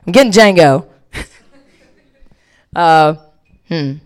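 A woman's voice: lowish voice, animated, takes it slowly, clean tone. A young woman from Delaware doing a stand-up comedy set, rambling through crude, self-deprecating stories with plenty of swearing. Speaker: stand-up comic.

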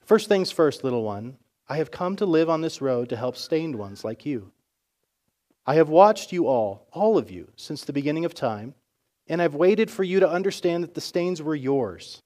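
A man voicing a kind, calm king who speaks softly and reassuringly. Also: a little high, normal speed, natural voice. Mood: gentle. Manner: soft, gentle, reassuring.

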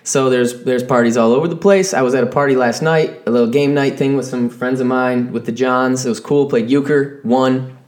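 A young podcast co-host with a medium-pitched voice tells animated stories in casual chat, swearing freely. He keeps a moderate pace with few pauses.

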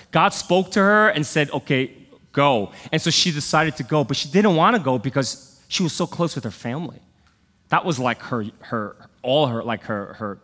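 A middle-aged man telling a personal story in a sermon, swinging from loud outbursts to hushed asides. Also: fairly high pitch, in a large hall. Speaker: pastor.

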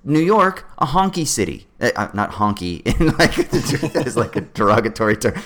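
A man's voice: medium pitch, normal speed, a little hiss or hum. A man, talking animatedly and swearing freely as a podcast co-host in casual chat. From Southern California. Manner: animated, swears freely, acts out other drivers.

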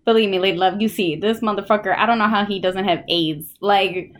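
A woman's voice: mid-range voice, brisk. A young woman co-hosting a casual true-crime podcast, telling the story with crude jokes and lots of swearing. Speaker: podcast co-host.

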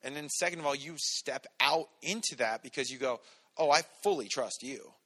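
A man, a pastor, giving a relaxed, conversational sermon with everyday stories. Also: medium pitch, moderate pace. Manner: relaxed, storytelling, talks to the congregation directly.

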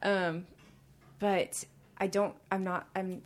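A woman's voice: medium pitch, flat delivery, takes it slowly. A woman guest on a podcast sharing her personal faith testimony, rambling with many fillers and restarts, emotional and laughing through near tears.

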